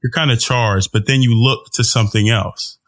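A man of middle pitch hosts a casual podcast chat. He talks in a relaxed, encouraging way and keeps prompting his guest to take him through her experience. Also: moderate pace. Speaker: podcast host.

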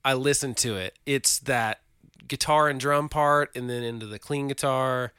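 Man, co-host, casual music chat, enthusiastic, rambling, smooth voice. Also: medium pitch, steady tone, normal speed, bright, forceful tone, no echo, studio quality. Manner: enthusiastic, rambling with many fillers. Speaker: podcast co-host.

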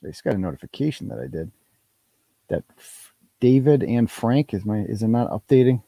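A man's voice: medium pitch, animated, a little fast, dry recording, dull audio. A man hosting a live stream, chatting casually and reading out donation messages with loose, crude jokes. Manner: loose, joking, crude asides. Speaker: host.

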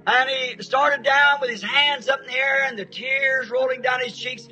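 A man's voice: extremely high pitch, steady tone, normal speed, sharp tone, faint music behind, poor audio. A man from Arizona preaching a sermon as a story, speaking in a folksy, plain-spoken way with homespun grammar.

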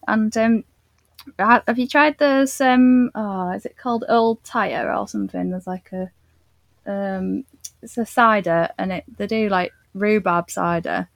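A woman's voice: mid-range voice, a little slow, vocal fry, no echo. A young English woman chatting casually as a co-host, laughing often and reacting animatedly. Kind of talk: casual chat.

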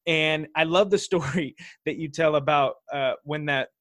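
Man with a slightly raised pitch, hosting an interview. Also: normal speed, a bit bright, no room sound, studio quality. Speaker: podcast host. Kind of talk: interview chat.

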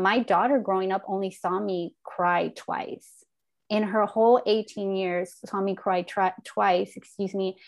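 In a candid, heartfelt conversation, a female host in her forties talks openly and thoughtfully at a middle pitch. She's casual and earnest, letting a swear word slip now and then.

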